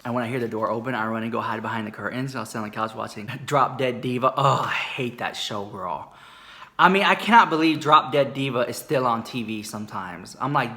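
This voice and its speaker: A man telling a gossipy story in a campy, sassy manner, calling the listener "girl" and jumping into high squeals and whispers. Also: bright, forceful tone. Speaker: comedic storyteller.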